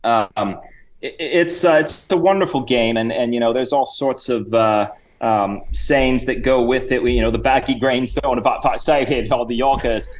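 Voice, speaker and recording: A man putting on a rambling, pompous British gentleman with a mock Cockney-Australian accent, voice pitched high and sing-song. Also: normal speed, lightly acted. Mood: hammy. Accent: mock British, Cockney-Australian mix. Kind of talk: improvised comedy podcast bit.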